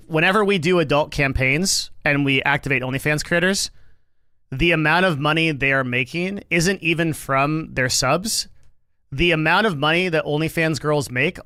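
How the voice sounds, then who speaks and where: A man's voice: fairly high pitch, pushed and bright, clean tone, no room sound. Dry-miked man rambling on a livestream. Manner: rambling, loose, swears freely. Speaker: livestream host. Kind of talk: casual livestream commentary.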